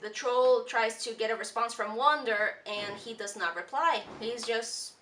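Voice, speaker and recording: Chatty woman vlogger, bright and distant. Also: a little slow, slight background noise. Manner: rambling with many ums and restarts; quotes characters in high playful voices. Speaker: vlogger reviewing a cartoon. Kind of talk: casual commentary.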